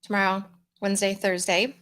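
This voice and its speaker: A woman hosting a live coaching challenge, greeting viewers by name in a relaxed, upbeat casual chat. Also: medium pitch, a little fast, slight background noise. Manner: relaxed, chewing mints between words. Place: home room with a fan, livestream.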